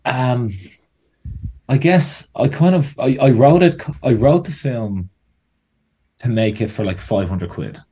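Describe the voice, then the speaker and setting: An Irish writer and director being interviewed, talking in a rambling, self-correcting way full of "kind of" and "like". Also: male voice, medium pitch, takes it slowly, long pauses, dark tone, husky. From Ireland. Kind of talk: casual interview chat.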